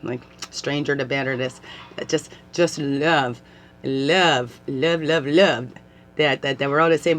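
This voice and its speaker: A woman's voice: low-pitched, slight background noise. A middle-aged woman, a self-styled medicine woman, chatting to camera in a rambling, giggly way and laughing often. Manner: giggly, animated storytelling with frequent laughter. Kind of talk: rambling casual chat to camera.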